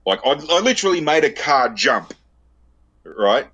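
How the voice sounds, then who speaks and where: A man's voice: medium pitch, very animated, measured pace, bright, forceful tone, husky. A man with an Australian accent, telling crude stories in a casual podcast chat, swearing freely and laughing at his own jokes. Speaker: podcast co-host. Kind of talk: casual storytelling banter.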